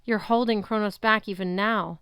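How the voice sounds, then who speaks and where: A woman's voice: mid-range voice, fairly even intonation, moderate pace, a bit bright, clean tone, no room sound, clean studio sound, close to an everyday voice. A woman reading aloud and voicing a wounded, exhausted teenage girl who speaks weakly but insistently, in a storybook reading. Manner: weak, pained, insistent.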